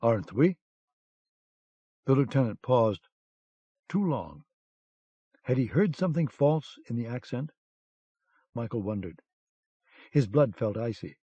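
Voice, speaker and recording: A man narrating an audiobook with a measured, dramatic reading, recorded on a dull lo-fi cassette. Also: medium pitch, animated, warm tone, breathy edge, no echo.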